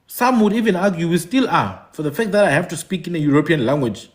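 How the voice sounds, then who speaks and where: Man, emphatic talk-show commentary, high and swooping delivery. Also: expressive, fast. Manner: emphatic, repeats points, asks "hmm?". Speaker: podcast host. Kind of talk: animated commentary.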